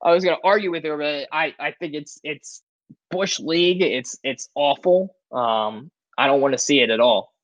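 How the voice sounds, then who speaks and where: A man's voice: on the high side, normal speed, no echo, low-quality recording. Rambling man in casual sports chat. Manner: rambling, filler-heavy, many "like"s and restarts. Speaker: sports podcast co-host.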